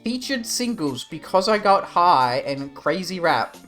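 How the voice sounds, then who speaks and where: A man's voice: sits high, big pitch swings, measured pace, fairly bright tone, faint music behind. A young Australian man chatting casually with his stream viewers, rambling and swearing in a laid-back way. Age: young adult. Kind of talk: casual livestream chat.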